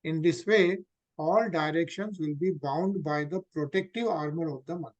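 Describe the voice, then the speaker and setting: A man leads a scripture study over an online call, reading verses and then explaining them. His voice sits a bit high for a man, and he keeps asking the group questions and filling gaps with "uh". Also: normal speed, lo-fi sound. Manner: explanatory, asks the group questions, many fillers.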